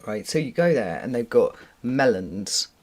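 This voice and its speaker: British woman, tarot reader hosting a home live stream. Casual, rambling, quick to laugh, swears freely. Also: very deep voice, big pitch swings, a little mellow. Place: room at home with a window.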